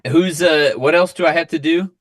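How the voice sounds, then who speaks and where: A man, a guest on a chat stream, explaining his reasoning in a thoughtful, measured way. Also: on the high side, fairly bright tone, dry recording, clean studio sound. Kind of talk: casual chat.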